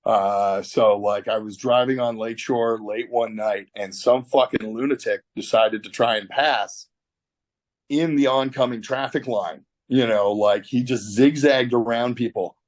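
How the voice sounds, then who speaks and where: A man's voice: mid-range voice, unhurried, dry recording. A middle-aged man with a Canadian accent spins a vivid story over a video call, swearing freely and acting out every quote. His voice sounds dry and close, with no room around it. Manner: animated storyteller, swears a lot, acts out quotes. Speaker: tattoo artist guest.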